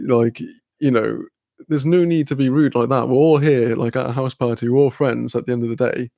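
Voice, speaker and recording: Young man, casual sweary storyteller, gravelly, dry close sound. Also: mid-range voice, fairly even intonation, normal speed, darkish tone, no room sound. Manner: rambling, sweary, laughing, fillers. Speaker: streamer.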